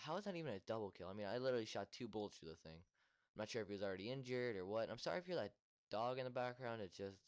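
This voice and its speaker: A man's voice: mid-range voice, clean tone. A young man recording casual gameplay commentary at home, rambling with many ums and mildly annoyed complaints. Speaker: gaming commentator. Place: home room.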